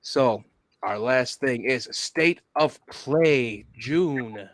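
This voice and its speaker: A man with a mid-range voice and drawn-out words hosts a casual gaming livestream, recorded with no echo. He swears freely, laughs a lot while reacting to game trailers, and grumbles as he fights with his computer.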